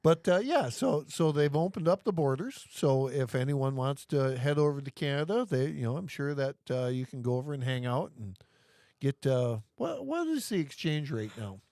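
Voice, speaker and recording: A man's voice: medium pitch, big pitch swings, moderate pace, darkish tone, no echo. A man chats as the host of a live show, easygoing and folksy, often tripping over his first words before getting going. His voice sits in an ordinary middle range, recorded dry and close with no room sound. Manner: folksy, repeats words when starting. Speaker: podcast host. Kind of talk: casual chat.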